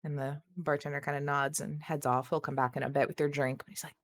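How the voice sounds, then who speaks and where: A woman's voice: low voice, little pitch movement, fast. A woman running a tabletop game as game master, describing scenes in a laid-back way.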